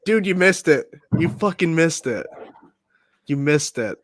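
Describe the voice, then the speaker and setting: Excitable guy with a lively voice. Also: fairly high pitch, measured pace, no echo. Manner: excitable, laughs and swears often, repeats himself. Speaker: co-host. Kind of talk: casual pop-culture chat.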